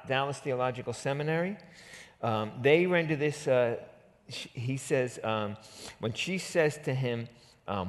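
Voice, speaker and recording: A man with a New York accent walks through a scripture passage and brings it to life by acting out the lines in casual slang. His pitch sits in the middle for a man. His voice rings out with a long hall reverb behind it. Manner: lively, acts out quotes in casual slang. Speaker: Bible teacher. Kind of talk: expository Bible teaching.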